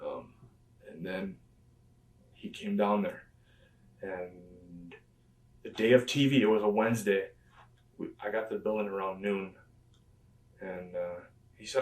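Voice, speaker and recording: A man's voice: on the low side, steady tone, unhurried, long pauses. A man being interviewed, telling stories in a loose, rambling way with plenty of fillers. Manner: rambling, filler-heavy retelling of past conversations. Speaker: interview guest, professional wrestler. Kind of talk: conversational storytelling interview. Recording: echoey room, mic at a distance.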